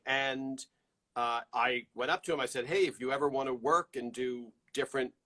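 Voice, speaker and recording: A chatty man hosts a live stream from home, loudly greeting viewers by name. His voice is bright and forceful at a middle pitch. It comes through a plain built-in computer mic. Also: moderate pace. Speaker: host of a live fan show.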